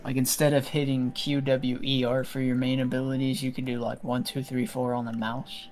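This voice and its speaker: A man streaming a game, telling stories in a lively, casual way and swearing freely. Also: mid-range voice, normal speed, soft background music. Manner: animated storyteller, swears freely. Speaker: streamer playing an online game. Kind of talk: casual gaming chat.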